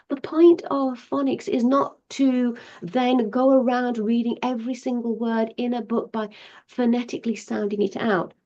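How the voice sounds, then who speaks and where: A woman's voice: fairly high pitch, warm tone, lo-fi sound. A woman teacher explaining to parents step by step, patient and talking casually to the camera, with examples. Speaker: teacher giving parents advice.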